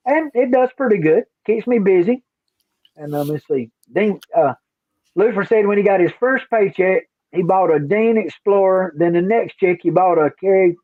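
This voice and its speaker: A man's voice: sits high, no room sound. An older man hosting a livestream, chatting in a rambling, folksy way. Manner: rambling, folksy, repeats himself. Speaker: livestream host. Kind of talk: casual chat. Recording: dry, tinny phone-like line.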